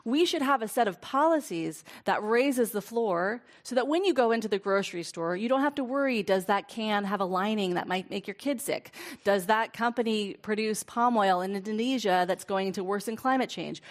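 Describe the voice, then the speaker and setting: A woman's voice: mid-range voice, normal speed. A woman speaking as a guest in a panel discussion, earnest and thoughtful, with frequent fillers.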